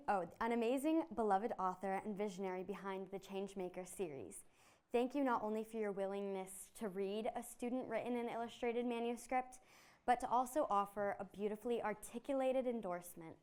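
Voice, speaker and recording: Smooth-voiced young woman giving formal thanks. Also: mid-range voice, darkish tone. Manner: formal, reads from prepared remarks. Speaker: co-author presenting thanks. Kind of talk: prepared thank-you speech.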